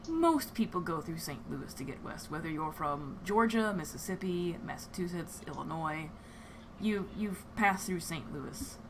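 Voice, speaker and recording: A woman's voice: on the low side, background noise. A woman acting as storyteller for a live-streamed tabletop game, chatty and casual, often laughing and trailing into filler words.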